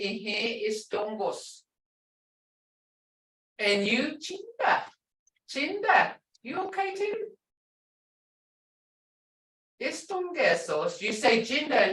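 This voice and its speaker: A woman language instructor leading a class through slow, repetitive syllable drills and explaining pronunciation emphatically. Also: mid-range voice, a bit bright. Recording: echoey room, voice from a distance.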